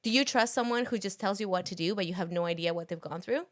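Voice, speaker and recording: A woman's voice: medium pitch, fast talker. A woman co-hosting a podcast, chatting casually, laughing often and reading viewer comments aloud. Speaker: podcast co-host.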